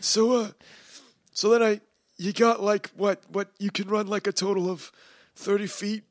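Game master, male, fairly high voice, relaxed and chatty, dry close mic. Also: moderate pace, no room sound. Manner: laid-back, chatty, talks about the rules. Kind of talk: narrating a tabletop game in character.

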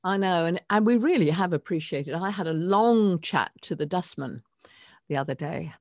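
Older woman, co-host, low voice, swooping intonation, dry close sound, casual chat. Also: lively intonation, moderate pace, a little mellow, no room sound.

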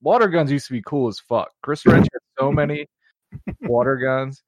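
A man's voice: mid-range voice, fairly quick, no echo. A man co-hosting a podcast, telling a story in casual chat, rambling and laughing often. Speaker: podcast co-host.

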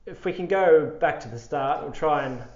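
A man co-hosting a podcast, upbeat and quick to laugh. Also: a little high, a crowd in the background. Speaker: podcast co-host. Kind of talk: casual chat. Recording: echoey, dull room audio.

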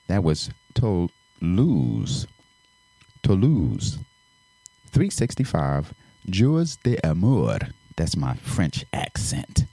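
A man hosting a radio music show, talking between tracks in a laid-back, drawn-out way with bursts of playful hype. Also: sits low, warm tone, slightly rough, no echo. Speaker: radio DJ host.

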